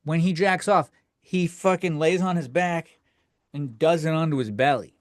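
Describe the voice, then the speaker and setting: Man host for a comic rant, slightly high voice, crude and rambling, dry booth sound. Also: normal speed, dry recording. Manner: crude, profane, rambling with many restarts. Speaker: podcast host. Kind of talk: comedic rant.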